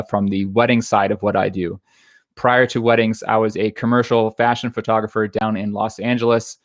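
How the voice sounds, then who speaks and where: A man in his thirties, a photography business coach, giving a quick, conversational webinar talk with frequent fillers and restarts. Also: lowish voice, dry recording, studio quality. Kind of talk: webinar presentation.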